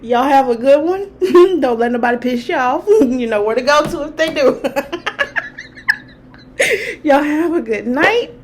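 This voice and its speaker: A woman's voice: sits high, expressive, measured pace, pauses often, slight background noise. A woman hosting her own spiritual channel, telling a personal story in a chatty, casual way with lots of laughter. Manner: chatty, laughs often, vivid quoted reactions.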